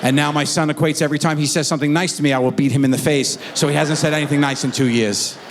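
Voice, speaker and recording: A middle-aged man telling a stand-up comedy story on stage, acting out his kids in high squeaky voices. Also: fairly even intonation, quick pace, noisy background. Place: theater stage before a live audience. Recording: stage mic in a large reverberant hall.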